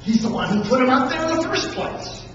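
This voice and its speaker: A preacher delivering a sermon as dramatic storytelling, with emphatic pauses. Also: high-pitched, big pitch swings, a bit bright, slight background noise. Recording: echoey hall from far off, dull and lo-fi.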